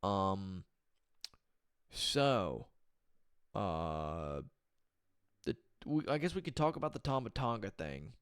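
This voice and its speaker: Sleepy low-voiced podcast guy. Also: big pitch swings, slow, pauses often, clean tone, dry recording, clean studio sound. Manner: laid-back, says "bro" and "um" a lot. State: sleepy, rough late-night voice. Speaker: podcast co-host. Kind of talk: casual chat.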